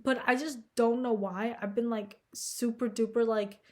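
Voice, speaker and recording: In a slightly high voice with a steady tone and normal speed, a young woman rambles through a casual vlog. She sounds anxious and self-deprecating, swears a lot, and leans heavily on "like" as filler.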